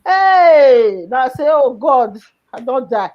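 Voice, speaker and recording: A woman's voice: high-pitched, normal speed, lo-fi sound. A woman with a Nigerian Pidgin accent telling a personal story in an emotional, repetitive way.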